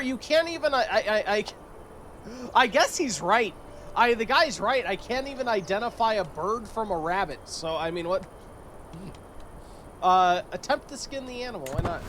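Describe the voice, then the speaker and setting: A man's voice: high-pitched, expressive, normal speed, long pauses, a bit bright, a little hiss or hum, poor audio. A man streaming a strategy game, reading event text aloud and adding joking, sarcastic commentary.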